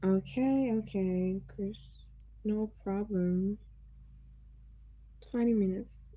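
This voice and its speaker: A woman's voice: medium pitch, drawn-out words, dark tone, poor audio. A Nigerian woman from Nigeria hosting a casual livestream, greeting viewers by name and asking them curious questions. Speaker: livestream host.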